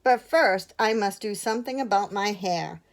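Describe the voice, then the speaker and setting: A woman's voice: mid-range voice, moderate pace, close to an everyday voice. A woman voicing a timid, easily frightened little girl doll in a storybook reading. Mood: eager. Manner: fretful, pleading.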